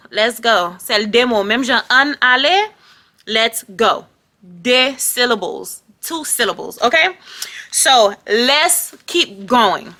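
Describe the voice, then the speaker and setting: Brief: young Haitian woman, playful vlogger, high-ish bright voice. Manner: playful, chatty, switches between Creole and English. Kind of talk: casual language lesson.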